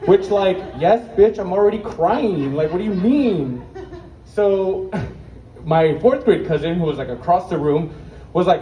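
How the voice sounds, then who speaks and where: A young man with a high-sitting, warm, expressive voice tells brash, profane stand-up stories at an open mic, speaking a little slowly and sometimes out of breath. The stage is at an outdoor market, and the recording is distant and echoey with faint noise.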